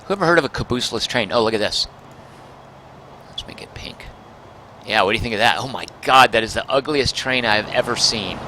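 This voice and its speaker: Bright-voiced man muttering through a game. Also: medium pitch, expressive, fast, few pauses, a little hiss or hum. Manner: chatty, self-muttering, mildly exasperated. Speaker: streamer. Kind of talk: casual game livestream commentary.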